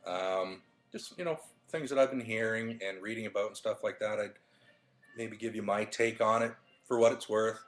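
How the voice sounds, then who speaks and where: A man's voice: fairly low pitch, moderate pace, faint music behind. Man rambling through a webcam pep talk. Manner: rambling storyteller with many fillers and restarts. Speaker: vlogger. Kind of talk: casual motivational monologue. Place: living room at home.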